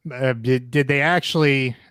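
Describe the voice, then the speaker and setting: Podcast guy, hesitant, lots of uhs, dry close mic, middling pitch. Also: fairly even intonation, normal speed, a bit bright, clear, resonant tone, no room sound. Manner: hesitant, many uh fillers, laughs often. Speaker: podcast co-host. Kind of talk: casual chat.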